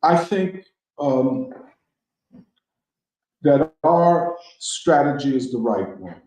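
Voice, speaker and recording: A man with a fairly high voice leads a political discussion at an unhurried, deliberate pace. He speaks emphatically and preacherly, piling up rhetorical questions. His voice rings through a very echoey room. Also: expressive, a little mellow. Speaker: discussion leader.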